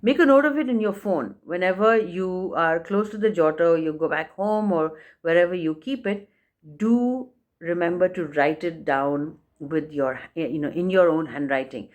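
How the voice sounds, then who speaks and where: A woman presenting an instructional walkthrough of a journal, talking conversationally in a gentle, encouraging way and often checking in with the listener. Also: lowish voice, moderate pace.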